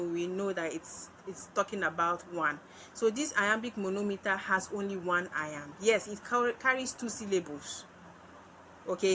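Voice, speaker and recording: A woman's voice: mid-range voice, pushed and bright, a little hiss or hum, poor audio. A Nigerian woman teaching literature for exams, repeating key points and asking questions that she answers herself. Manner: slow, repetitive, asks and answers own questions. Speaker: literature tutor. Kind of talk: exam-prep lesson.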